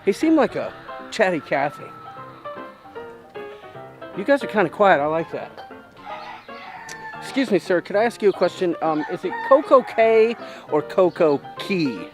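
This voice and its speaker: Goofy deadpan reporter guy grilling farm animals, a man putting it on, kinda high voice. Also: measured pace, long pauses, music in the background. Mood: mock-serious. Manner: mock-serious interviewer, deadpan. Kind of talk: comedic sketch narration.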